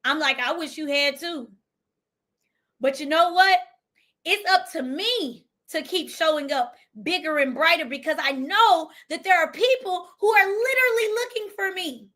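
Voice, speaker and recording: A woman's voice: extremely high pitch, normal speed, pushed and bright. A woman from Memphis with a Southern accent, giving an emphatic motivational livestream talk as a business coach, repeating lines for effect. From Memphis, Tennessee, US.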